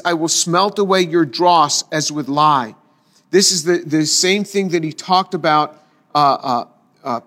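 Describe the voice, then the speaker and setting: A middle-aged male preacher with a noticeably high voice delivers a sermon in earnest. He repeats key phrases for weight and often stumbles into small restarts as he builds a point. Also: fairly bright tone. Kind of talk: expository sermon.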